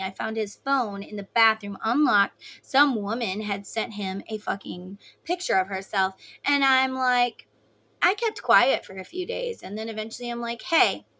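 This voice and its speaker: A woman giving a casual tarot reading, blunt and swearing freely, acting out quoted voices loudly. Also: fairly high pitch. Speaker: tarot reader.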